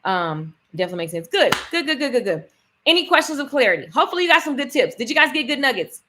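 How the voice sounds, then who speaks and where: A woman business coach talking to viewers on a live stream, chatty and energetic, addressing them directly. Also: high-pitched, quick pace, background noise.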